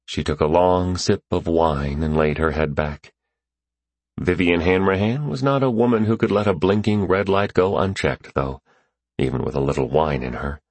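A man reading a novel aloud as narrator, in measured, even storytelling. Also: low-pitched, no room sound. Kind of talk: scripted audiobook narration.

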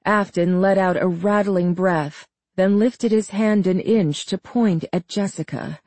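Slow, steady audiobook narrator. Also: mid-range voice, no echo. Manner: steady, measured reading. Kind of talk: scripted narration.

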